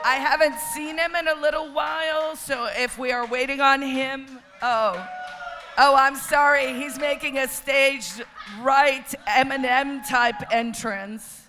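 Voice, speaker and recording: A man's voice: very high voice, steady tone, unhurried, bright, forceful tone, soft background music. A man emceeing a live comedy rant contest, loose and improvised. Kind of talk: live event hosting. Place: outdoor festival stage.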